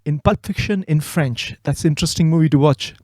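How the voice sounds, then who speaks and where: A man's voice: fairly high pitch, a little fast, a little mellow, no echo. Playful male host, dry close voice. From India. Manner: corrects guest's English, playful. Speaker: host, English teacher and comedian. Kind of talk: casual interview chat.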